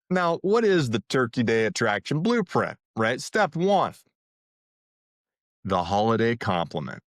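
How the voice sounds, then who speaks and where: A man hosts a dating-advice podcast in a casual coaching tone, hyping up his listeners and asking "right?" constantly, and he acts out sample lines in a livelier voice. His medium-pitched voice swoops wildly yet moves slowly, recorded clean in a studio with no room sound.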